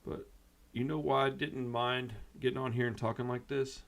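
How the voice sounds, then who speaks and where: A man's voice: medium pitch, fairly even intonation, normal speed, gravelly. A man hosting a punk rock channel, upset and venting in a rambling, casual way that is full of "dude" and "bro.".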